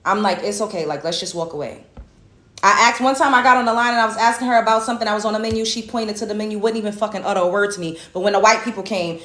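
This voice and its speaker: A woman's voice: medium pitch, fairly even intonation, rapid-fire, few pauses, fairly bright tone, reverberant. A woman from the United States hosting a reaction video, ranting in a blunt, indignant, profane way. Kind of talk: reaction commentary rant.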